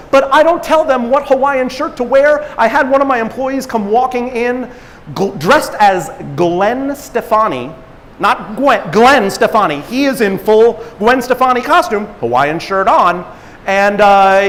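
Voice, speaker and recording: Lively high-voiced man in a big hall. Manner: animated storyteller, acts out quotes, laughs at himself. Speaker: company president giving a conference talk. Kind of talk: energetic motivational speech. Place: conference stage in a large hall.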